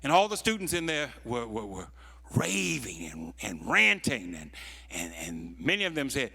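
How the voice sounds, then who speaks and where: A man in his sixties preaching a storytelling sermon, dropping to hushed tones and then rising to loud peaks, drawing out key phrases slowly. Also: medium pitch, wildly swooping pitch, creaky, husky. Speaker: pastor.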